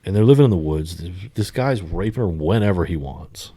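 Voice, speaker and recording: Deep-voiced profane man on a podcast. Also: lively intonation, fairly quick, slightly rough, no echo, studio quality. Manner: profane, swings from mumbling to loud bursts. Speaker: podcast co-host. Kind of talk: casual podcast chat.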